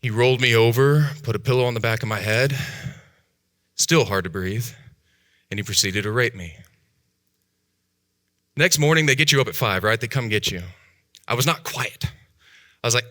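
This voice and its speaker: A man telling his own life story in a talk, animated, jumping high in pitch and dropping to hushed tones as he acts out voices. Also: normal speed, long pauses, dry recording, clean studio sound. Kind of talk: dramatic personal storytelling talk.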